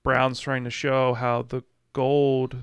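A man's voice: mid-range voice, flat delivery, takes it slowly, smooth, dry recording. A man co-hosting a podcast, discussing a novel in a reflective, hesitant way with many restarts. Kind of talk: casual book discussion.

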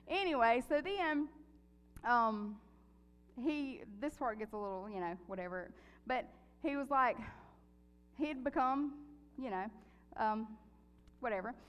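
A woman preaching a sermon and telling a personal story in an animated way, laughing often. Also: a little high, measured pace, long pauses, smooth, big-room sound.

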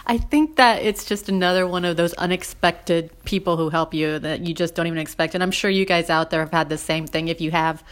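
A woman's voice: on the low side, fairly even intonation, fairly quick, few pauses. A woman co-hosting a podcast, chatting in an upbeat way and laughing easily. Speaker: podcast co-host. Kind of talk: casual chat.

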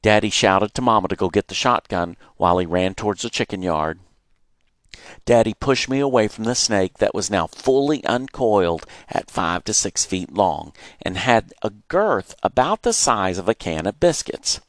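A man reading his childhood memoir aloud, animated and acting out the moments he retells. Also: on the low side, moderate pace, dry recording, clean studio sound. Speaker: storyteller.

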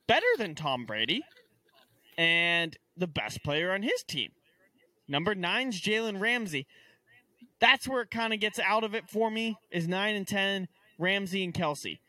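A man's voice: high-pitched, sharp tone, no echo. A young man co-hosting a casual sports podcast, ranting in exasperation with stammered restarts. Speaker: podcast co-host.

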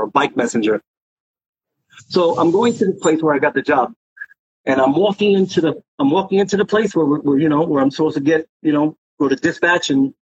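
A man tells long, profane stories, circling back with fillers as he goes. His voice sits a bit high and sounds husky. The recording is dry and dull, like muffled podcast audio. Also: no room sound. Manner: rambling, profane street talk with many fillers. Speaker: interview guest, graffiti writer. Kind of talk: casual storytelling interview.

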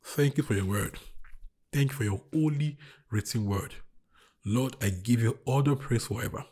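A male pastor, his voice husky and middle-pitched. He preaches with emphatic repeated declarations and later moves into quieter prayer. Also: normal speed. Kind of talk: sermon and prayer.

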